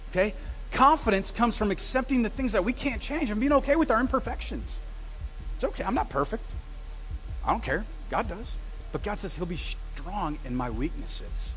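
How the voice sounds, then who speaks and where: High-voiced pastor preaching in a reverberant hall. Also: male voice. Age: adult with a wife, past graduate study. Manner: lively storytelling with self-deprecating humor. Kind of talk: sermon. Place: church sanctuary. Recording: long reverb of a church hall.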